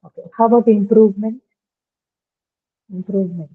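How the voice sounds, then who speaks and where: A woman's voice: medium pitch, normal speed. Woman teaching stress rules over a phone-like line. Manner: explains step by step, checks with "right?". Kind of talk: online lesson on word stress.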